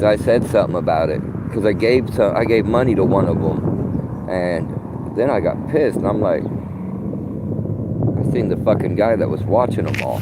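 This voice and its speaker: A man ranting on a livestream while sitting beside a tree outdoors, profane and agitated, circling back on his own words. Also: lowish voice. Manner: profane, agitated, rambling with restarts. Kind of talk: rambling livestream rant. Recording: outdoor traffic noise.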